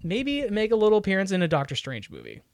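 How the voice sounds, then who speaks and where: Rambling, joking man with a slightly high voice. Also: wildly swooping pitch, fast, vocal fry, a little mellow, no echo. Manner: rambling, joking, many restarts and fillers. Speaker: podcast co-host. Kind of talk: casual chat.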